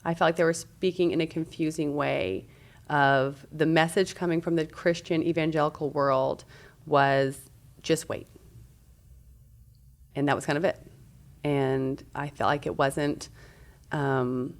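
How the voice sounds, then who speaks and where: Woman, 30s, low pitch, animated, acts out quotes, podcast guest. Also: measured pace, long pauses. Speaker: guest, parenting speaker. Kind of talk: conversational podcast storytelling.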